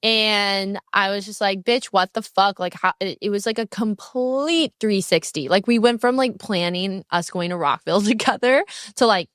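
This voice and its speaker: A young woman hosts her own podcast, chatting in a brash, candid and profane way, her pitch swinging up and down as she tells a story. Her voice is smooth and full, and it is recorded close and dry, with no room sound. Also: normal speed, hardly any pauses, a bit bright, dry recording. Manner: swinging pitch and bursts of speed. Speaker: podcast host. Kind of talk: casual solo podcast chat.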